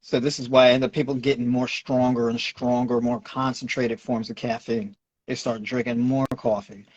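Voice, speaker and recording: A husky-voiced man with a New York accent, explaining nutrition like a coach and tagging "right?" onto his points. The sound is dry and dull, like lo-fi online audio. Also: medium pitch, flat delivery, normal speed, darkish tone, no echo. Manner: lecturing, repeats "right?" to check in. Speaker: nutritionist and fitness coach, guest. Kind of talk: explaining in a podcast Q&A.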